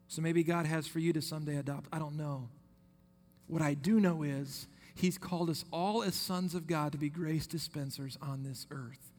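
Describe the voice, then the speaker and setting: A man's voice: fairly high pitch, steady tone, normal speed. A man, preaching a sermon and telling a personal story between scripture quotes. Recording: long reverb of a hall.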